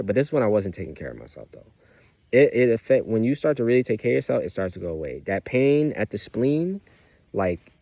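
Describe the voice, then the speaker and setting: A man's voice: on the low side, creaky, a little mellow, dry recording. A young man rambling outdoors in a loose, profane, emphatic personal monologue full of restarts. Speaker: vlogger.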